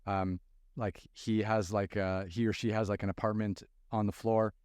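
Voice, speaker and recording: A man's voice: fairly low pitch, moderate pace, clear, resonant tone, no echo. A man from Canada in his thirties hosting a podcast, telling stories casually and using "like" a lot. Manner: storytelling, relaxed, says "like" often. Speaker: podcast host.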